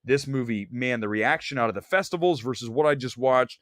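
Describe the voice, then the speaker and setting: A man hosting a movie talk show, giving blunt, animated opinions with bursts of laughter. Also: medium pitch, a little fast, no room sound, studio quality. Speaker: podcast host and film critic. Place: Los Angeles studio.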